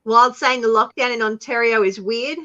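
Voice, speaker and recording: A woman's voice: fairly high pitch, fairly even intonation, moderate pace, bright, forceful tone, lo-fi sound. A woman with an Australian accent, hosting a casual live chat with viewers, giggly and chatty and a little congested from a cold. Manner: giggly, chatty, often laughing. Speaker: host.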